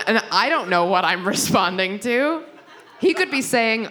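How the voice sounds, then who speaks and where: A young woman performing a stand-up comedy set, rambling and self-deprecating, with frequent restarts and quick asides. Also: on the high side, lively intonation, fairly bright tone.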